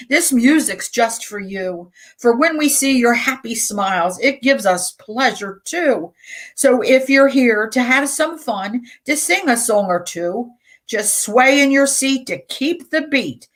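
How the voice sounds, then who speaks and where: A middle-aged woman hosting a community radio show, reading poems aloud slowly and deliberately, with casual chatty asides between them. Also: high voice, animated, fairly bright tone.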